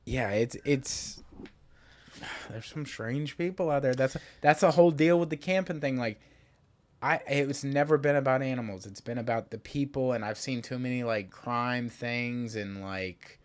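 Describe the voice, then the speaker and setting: A young adult man, a podcast guest, telling stories in relaxed casual chat and swearing casually. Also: medium pitch, unhurried.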